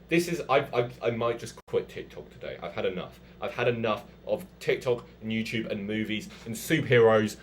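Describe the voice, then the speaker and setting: A man's voice: lowish voice, very animated, normal speed, slight background noise. A young man reviewing a film in a casual vlog, ranting in exasperation with mock outbursts.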